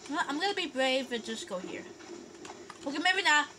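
A woman giving live commentary as she plays a video game, full of gasps and excited squeals. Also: high-pitched, normal speed, background noise. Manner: excitable, gasping, squealing reactions. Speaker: gameplay vlogger.

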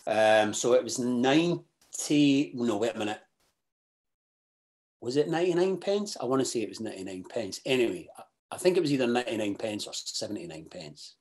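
Rambling Scottish man, halting chat. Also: medium pitch. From Scotland. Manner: halting, full of fillers and restarts, bursts of animated swearing. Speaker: podcast guest. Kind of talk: casual interview chat.

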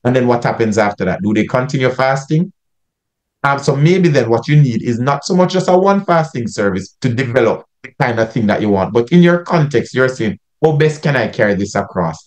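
Jamaican male pastor, mid-pitched, teaching style, asks lots of rhetorical questions. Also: expressive, a little fast. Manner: rhetorical questions, climbs in pitch when stressing points. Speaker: pastor presenting to youth workers. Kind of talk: teaching talk.

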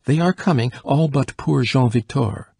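Man doing a frantic young soldier for a storybook, raised pitch, husky, urgent. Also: measured pace, mellow, no echo, studio quality. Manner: urgent, breathless. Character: frantic young male soldier bringing bad news.

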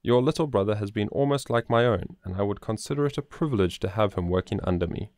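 Man reading as a good-hearted young shoemaker, low and dry, teasing but sincere. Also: quick pace, no echo, close to an everyday voice. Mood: earnest. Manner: warm-hearted, teasing yet earnest. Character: kind, hardworking young male shoemaker.

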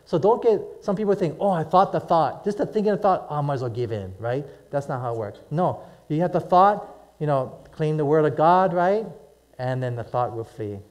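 A man's voice: a little high, darkish tone. A middle-aged male pastor preaching to a live congregation, telling stories animatedly and asking "right?" and "amen?" often. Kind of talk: sermon.

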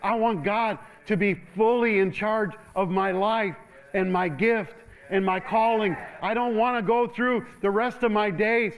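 A male pastor preaching with energy and a fairly high voice, drawing the congregation into call-and-response. He laughs often, and his voice jumps up when he pushes a point. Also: fairly even intonation, a little slow. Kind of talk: sermon.

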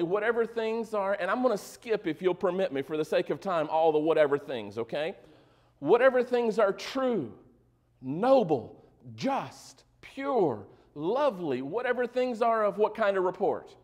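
This high-voiced male pastor preaches in a relaxed, conversational manner. Jokes are woven through the lesson, and he repeatedly makes sure the congregation is keeping up.

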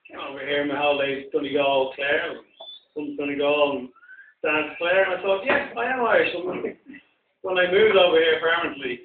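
A man with a London accent rambles through a stand-up set, bantering loosely with the crowd. His voice sits a little high for a man. The recording sounds distant, tinny and echoey, as if taken from across the room. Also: brisk, noisy background. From England. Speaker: stand-up comedian. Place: small pub venue with live audience.

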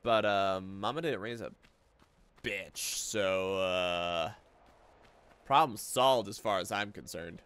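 A man streaming a video game, giving casual, excitable commentary full of swearing and jokes. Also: low-pitched, slow pace, long pauses, slight background noise. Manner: excitable, profane, joking.

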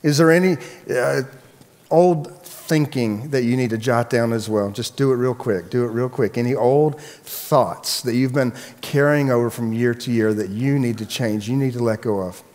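A man, the pastor, preaching a sermon and telling a personal story in a relaxed, chatty way with frequent restarts. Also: mid-range voice, normal speed, long reverb tail. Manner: casual storytelling, many restarts.

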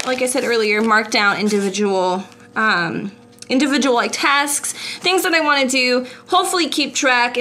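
A woman's voice: on the high side, pushed and bright, a little hiss or hum. A woman vlogging at home with a handheld camera, chatting casually, giggling and rambling with lots of "like" and "I don't know". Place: at home, putting away groceries. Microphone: handheld vlog camera.

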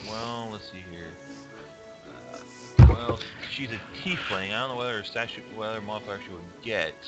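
A man running a tabletop game as game master, hesitant with lots of pauses and restarts. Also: on the low side, over loud music.

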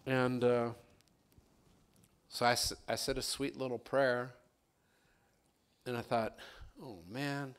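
Animated male pastor telling a story. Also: mid-range voice, slow pace, long pauses, smooth. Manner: animated storyteller, rising and louder when excited. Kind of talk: sermon with storytelling.

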